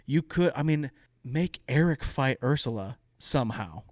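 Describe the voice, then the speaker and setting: A man co-hosting a podcast in a relaxed, chatty way, with a voice of ordinary pitch. He retells a story with lively quoted asides. The sound is dry and close, with no room around it. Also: measured pace, no room sound. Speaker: podcast co-host. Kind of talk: casual chat.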